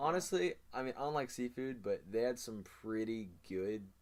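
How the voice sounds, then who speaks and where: A man's voice: mid-range voice, lively intonation, moderate pace. Teen guy cohosting a podcast, rambly storyteller, um-ing and like-ing a lot. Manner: rambling storyteller with many fillers. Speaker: podcast co-host. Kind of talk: casual chat.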